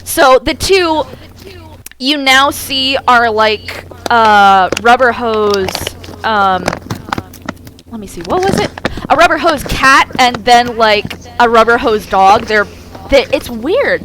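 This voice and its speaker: A woman's voice: a little high, animated, takes it slowly, fairly bright tone. A woman narrating as game master in a casual voice-chat tabletop game, rambling and restarting as she describes the scene. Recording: noisy home voice chat.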